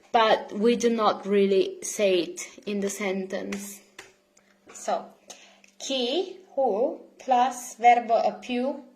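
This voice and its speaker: A woman with an Italian accent, a native Italian speaker, teaching an online language lesson and patiently repeating words for learners. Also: fairly high pitch.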